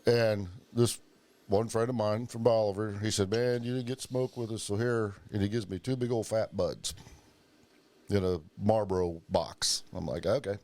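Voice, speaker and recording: A man with a fairly low, darkish voice hosts a podcast, speaking at a moderate pace in a steady tone. He tells profane stories in casual conversation, putting on voices for the people he quotes.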